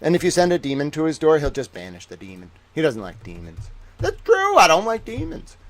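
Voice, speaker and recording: A man hosting a livestream in casual chat, animated, exclamatory and jokey. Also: a little high, a little fast. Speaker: livestream host.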